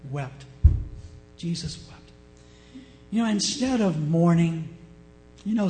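A male pastor preaching a sermon with passion, swinging from loud declarations to hushed words. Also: high voice, rough recording.

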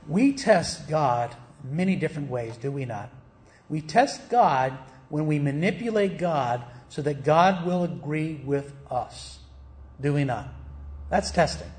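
A man preaching a sermon as pastor. He keeps asking the congregation rhetorical questions, calls them beloved, and acts out quoted voices with a raised, louder voice. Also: on the high side.

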